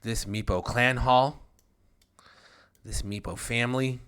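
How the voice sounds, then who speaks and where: A man's voice: medium pitch, fairly even intonation, takes it slowly, fairly bright tone, clear, resonant tone. A man narrating as game master in a tabletop game, casual and rambling, with the odd swear.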